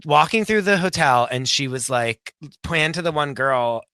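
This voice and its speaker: A man's voice: fairly high pitch, moderate pace, clear, resonant tone, dry recording, clean studio sound. A man talking as a podcast guest in casual chat, blunt and profane, telling stories with lots of energy. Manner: blunt, profane, animated storyteller.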